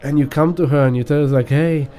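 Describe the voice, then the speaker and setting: Man, astrology teacher, very dark mellow tone, rambling monologue, faint music behind. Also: mid-range voice, fairly even intonation, fast talker. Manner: rambling, swears casually, acts out examples.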